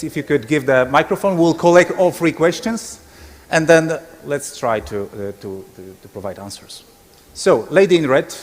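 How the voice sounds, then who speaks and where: A man moderating a conference Q&A in a polite, hesitant, halting way. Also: fairly high pitch. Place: conference hall. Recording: long reverb in a conference hall.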